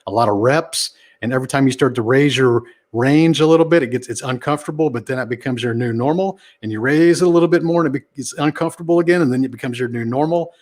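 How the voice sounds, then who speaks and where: Animated man telling stories expressively. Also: fast, hardly any pauses. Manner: animated, shifts pitch and volume for emphasis. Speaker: podcast guest, entrepreneur. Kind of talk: casual interview talk.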